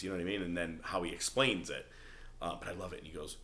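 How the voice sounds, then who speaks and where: Guy on a podcast, low-ish bright voice, swears a lot and does the characters' lines. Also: fast talker. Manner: animated, swearing, acts out quotes in character voices. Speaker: podcast host. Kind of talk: casual chat recapping a TV show.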